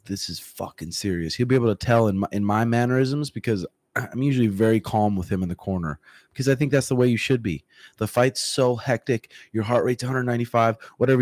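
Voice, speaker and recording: A man who works as a fight coach, chatting casually on a livestream and answering viewer comments in a relaxed, profane way, often clearing his throat. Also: mid-range voice, dry recording. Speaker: MMA coach. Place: room at home.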